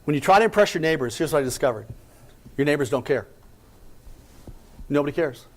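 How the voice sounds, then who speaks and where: A man's voice: fairly high pitch, animated, a little fast. A man giving an inspirational talk, telling his own story with emphatic rhetorical questions. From United States. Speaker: company president giving a talk. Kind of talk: inspirational speech.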